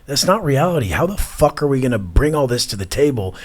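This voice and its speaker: Casual podcast guest: husky, blunt man who curses constantly and talks with intensity. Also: mid-range voice, lively intonation, a little fast, darkish tone, faint music behind. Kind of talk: casual chat.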